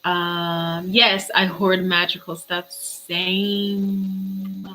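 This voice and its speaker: A woman's voice: fairly low pitch, flat delivery, drawn-out words, sharp tone, slight background noise, rough recording. A woman, chatting casually on a livestream as a spiritual reader, answering viewers' questions in a playful, easily sidetracked way. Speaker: spiritual reader hosting a live Q&A.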